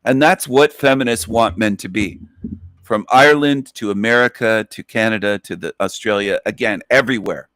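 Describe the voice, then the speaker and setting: A man's voice: on the low side, moderate pace, a bit bright, dry recording, clean studio sound. A man hosting an online radio show, ranting in an emphatic, profane, repetitive monologue. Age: adult, past twenties.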